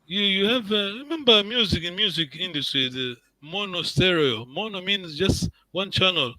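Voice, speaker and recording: A man's voice: high-pitched, lively intonation, moderate pace, sharp tone, dry recording, poor audio. A man teaching an online language class, patient and encouraging, repeating words and checking in with his students.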